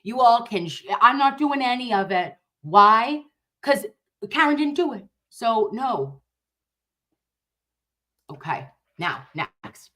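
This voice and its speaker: Animated woman reacting to news clips. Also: on the high side, slow, long pauses. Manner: animated and emphatic, talks straight to viewers. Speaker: commentary host. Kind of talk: casual reaction commentary.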